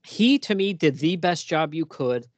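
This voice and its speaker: A man's voice: on the high side, a little slow, no echo. A man hosting a comics podcast in casual chat, rambling with lots of fillers and easy laughs. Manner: relaxed, rambling, many fillers, laughs often. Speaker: podcast host.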